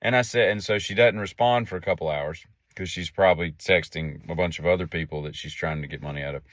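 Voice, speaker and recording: A man's voice: low-pitched, fast, a bit bright, no room sound. A man telling a story in a casual monologue, sarcastic and dry in his asides. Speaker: vlogger.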